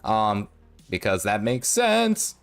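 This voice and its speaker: Animated streamer man with a sore throat. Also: lowish voice, takes it slowly, smooth, soft background music. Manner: rambling, self-correcting, hums and sings nonsense to himself. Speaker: gaming streamer. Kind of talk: casual live-stream commentary while playing.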